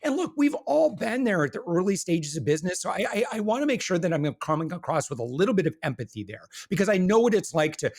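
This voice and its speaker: A man speaks as a podcast guest, his fairly high voice swinging widely in pitch. He tells his story earnestly and animatedly, often restarting his sentences as he goes. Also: very animated, quick pace, few pauses. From Michigan, USA. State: briefly emotional while recalling hard times. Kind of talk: casual interview talk.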